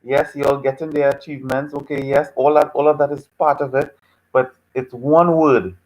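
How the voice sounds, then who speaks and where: A man's voice: medium pitch, fairly even intonation, moderate pace, a little mellow, highs cut off. A man teaching a live online class, reacting to students' chat answers in a patient, teasing way and repeating his phrases several times. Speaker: lecturer.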